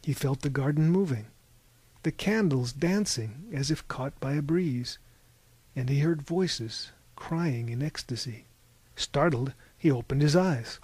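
A man narrating a novel as an audiobook, with measured, expressive storytelling. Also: on the high side, no echo.

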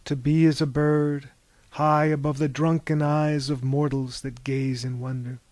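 A man's voice: a little high, level tone, measured pace, a little mellow, no room sound, close to an everyday voice. A man narrating and voicing a dreamy, grandiose young man with lofty, theatrical phrasing.

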